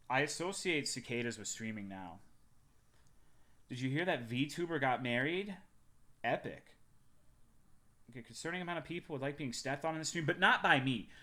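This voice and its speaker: Bright-voiced man in loose streamer banter. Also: mid-range voice. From Texas. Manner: loose, profane, joking banter. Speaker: livestreamer. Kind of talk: casual chat with viewers.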